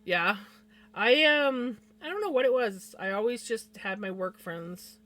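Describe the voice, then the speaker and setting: A woman's voice: a little high, animated, a little slow, pushed and bright. A woman live streamer telling a personal story to her viewers in casual chat. She talks bluntly and swears freely. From Canada.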